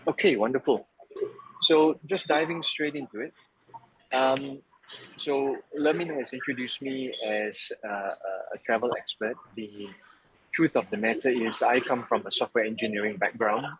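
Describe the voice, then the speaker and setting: A man from Malaysia gives a casual presentation on a video call, joking easily and filling pauses with ums. His voice sits at an ordinary middle pitch. A faint hiss of noise sits under the call. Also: rough recording. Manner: relaxed, joking, conversational with frequent fillers. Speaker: webinar speaker, travel association president. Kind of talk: presentation to an online audience.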